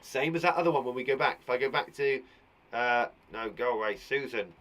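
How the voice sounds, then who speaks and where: A man's voice: mid-range voice, fairly quick, a bit bright. A man teaching a children's punctuation lesson online, chatty and playful, with jokes between his explanations. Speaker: primary school teacher.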